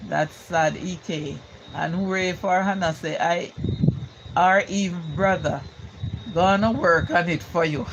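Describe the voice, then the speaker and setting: An older woman with a Jamaican accent talks casually on a live stream, reading viewer comments aloud. She speaks in a heartfelt, repetitive way and keeps coming back to her main points. Clear background noise runs under her voice. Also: low voice, low-quality recording.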